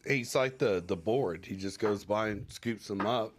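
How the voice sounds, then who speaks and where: A man's voice: lowish voice, unhurried, slight background noise. Joking male podcast co-host. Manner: joking, rambling, acts out quoted lines. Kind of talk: casual chat.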